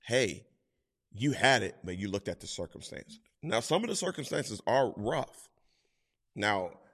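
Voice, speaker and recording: A man's voice: mid-range voice, long reverb tail. A man preaching a sermon in a conversational way, acting out quoted voices as he tells stories.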